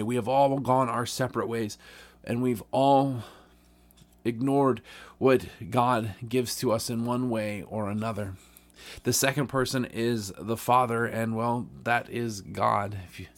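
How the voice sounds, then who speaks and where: A man reading a Bible parable aloud, then speaking earnestly about it in a conversational devotional podcast sermon, with frequent restarts. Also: mid-range voice. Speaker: podcast preacher.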